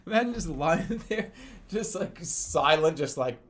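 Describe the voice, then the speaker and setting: A man's voice: on the high side, slight background noise. A young adult man, a streamer, telling a story in casual, profane speech with frequent laughter.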